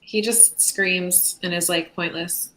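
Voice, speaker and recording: A woman's voice: fairly low pitch, fairly even intonation, takes it slowly, bright, forceful tone, a little hiss or hum. A woman podcast guest answering with dry wisecracks. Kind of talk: casual chat. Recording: echoey room.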